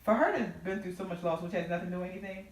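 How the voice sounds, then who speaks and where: A woman with a fairly low voice races through an emotional story of loss, chatting casually as a sister sharing what happened. She acts out her own pleading and the words of those around her. The mic sits at a distance in an echoey room.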